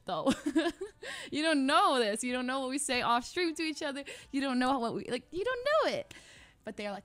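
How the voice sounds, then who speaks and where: A woman's voice: a little high, very animated, a little fast, a bit bright, dry recording. A young woman streamer chatting casually with her viewers, rambling, laughing often and mimicking other people's voices.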